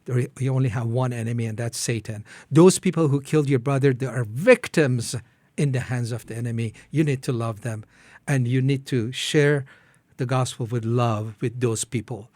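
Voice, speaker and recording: Middle-aged Iranian-born guest, earnest halting testimony, mid-pitched voice, dry close studio sound. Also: male voice, darkish tone, no echo. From Iran. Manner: halting, earnest, acts out his own prayers with rising pitch. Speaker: ministry founder, guest. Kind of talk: personal testimony in an interview.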